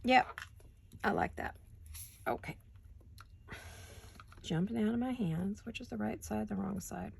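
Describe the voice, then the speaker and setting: A woman with a gravelly, fry-edged voice chats her way through a craft project at her home desk, thinking out loud and slipping into quiet muttered asides. Steady background noise runs under the home recording. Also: mid-range voice, measured pace, pauses often. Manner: thinks aloud while working, drifts into soft muttered asides. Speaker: crafting channel host. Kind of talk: casual craft-along chat.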